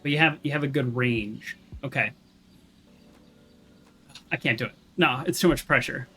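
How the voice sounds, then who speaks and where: A man's voice: medium pitch, moderate pace, sharp tone, slight background noise. A man casually commenting while playing a video game, chatty and self-deprecating, thinking aloud with fillers and restarts. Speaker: gaming streamer. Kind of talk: casual let's-play commentary.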